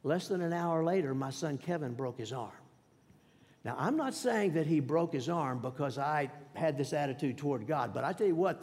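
Man, older pastor, sermon storytelling, slightly high, gravelly, reverberant hall. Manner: folksy, halting repetitions, drops to a hush for prayers.

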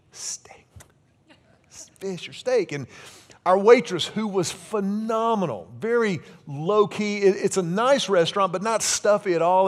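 Pastor in his fifties, high voice, jokey storyteller. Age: 50s. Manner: lively, humorous storytelling. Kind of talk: sermon.

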